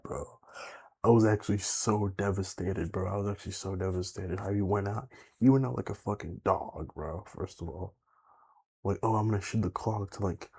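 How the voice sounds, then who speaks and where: A young man talks loosely to his viewers, piling on filler words and curses as he rambles. His voice sits low and gravelly, with a dark, mellow tone. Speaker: YouTuber. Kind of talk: casual rambling vlog chat.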